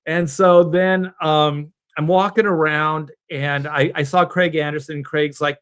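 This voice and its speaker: A man's voice: a little high, measured pace, few pauses. A middle-aged man from Southern California, casually telling a long anecdote over a video call and acting out the people in it. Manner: animated anecdote teller, acts out quoted voices. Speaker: comic book artist guest on a panel stream.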